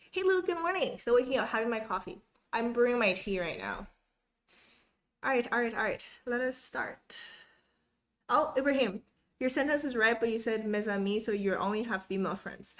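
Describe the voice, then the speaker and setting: Young woman, study-stream host, upbeat casual chat, reads comments, greets viewers, fairly high voice. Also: expressive, moderate pace, a bit bright.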